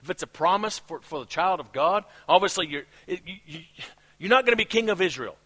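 A male pastor with a non-native English accent preaches with lots of energy. His voice sits high and swings up and down, and he breaks into laughs between points. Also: a little fast. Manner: animated preaching with laughs and asides. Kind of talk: sermon.

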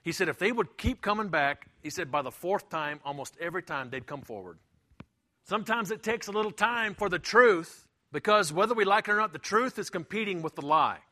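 Bright-voiced high male preacher. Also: animated, a little fast. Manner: emphatic, acts out quoted voices, repeats himself. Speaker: pastor. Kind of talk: sermon.

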